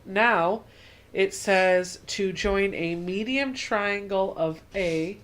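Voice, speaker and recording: A woman's voice: mid-range voice, drawn-out words, a bit bright. A young adult woman hosting a casual home sewing tutorial, chatty and self-deprecating as she walks through each step. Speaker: quilting channel host.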